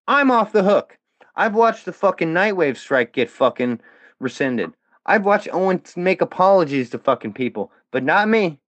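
A man's voice: a little high, dry recording, dull audio. A man speaking as a podcast guest, delivering a heated, profanity-laced rant aimed at his critics. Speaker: guest, former fan of a comedian. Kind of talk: angry monologue addressed at critics.

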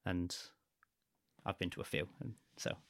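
A young man, a podcast guest, telling a travel story in a casual, animated way. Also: low voice, unhurried, no echo, studio quality. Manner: animated, acts out quoted voices.

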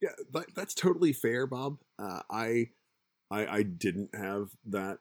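A man co-hosting a podcast in casual chat, halting and repeating words as he reads out listener comments. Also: on the low side, very animated, no room sound, clean studio sound. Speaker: podcast co-host.

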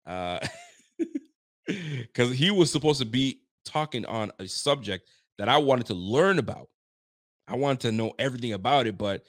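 A man hosting a live sports talk show, excitable and loud, often repeating himself as he talks. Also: lowish voice, no room sound, clean studio sound. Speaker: sports podcast host. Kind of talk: casual live show chat.

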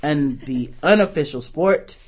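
A young man hosting a podcast in casual chat, laid-back and quick to laugh. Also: on the high side, animated, darkish tone. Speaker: podcast host.

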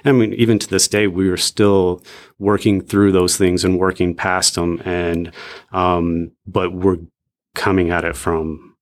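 A young man as a podcast guest, reflecting in a halting, casual way with lots of "like". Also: low voice, flat delivery. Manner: reflective, halting, many "like" fillers. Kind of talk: casual faith podcast chat.

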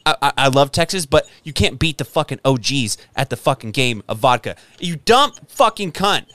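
A man co-hosting a podcast who goes on a heated, swearing rant and often yells. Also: mid-range voice, fairly quick, no room sound. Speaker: podcast co-host.

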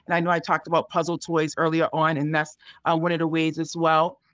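A woman's voice: low voice, completely flat delivery, a little fast, fairly bright tone, no echo, studio quality. A woman dog trainer giving casual advice in a conversation, explaining in a chatty way full of fillers like um and you know.

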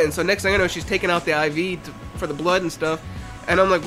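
A man's voice: high voice, rapid-fire. A young man in casual chat, telling a profane story and acting out what everyone said, with light music behind. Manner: animated, profane, acts out quotes.

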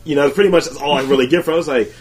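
A man's voice: fairly high pitch, racing, husky. A man co-hosting a casual podcast, talking in a profane, rambling way. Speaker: podcast co-host. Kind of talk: casual crude chat.

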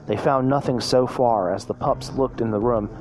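A man at a middle pitch reading a spooky children's story aloud. He often stumbles and restarts words mid-line, giving it a homemade read-aloud feel. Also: fairly even intonation, moderate pace, a little mellow, soft background music. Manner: reads with frequent restarts. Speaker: storyteller, podcast host.

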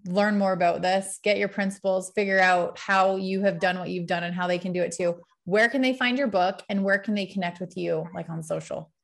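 A woman's voice: mid-range voice, steady tone, fairly quick, creaky, hardly any pauses. A woman hosting a podcast, effusive and enthusiastic in casual interview chat. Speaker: podcast host.

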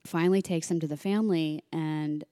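A woman on a podcast tells a story casually and with lively energy, often slipping into the voices of the people involved. Her voice sits low. The recording is dry and close. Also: fairly quick, clean tone, no room sound. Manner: animated, acts out quoted dialogue. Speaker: podcast guest.

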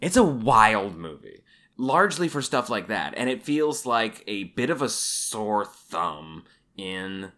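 A man co-hosting a casual movie review podcast, jokey and quick to act out quotes. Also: lowish voice. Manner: animated, jokey, throws in acted-out quotes. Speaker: podcast co-host.

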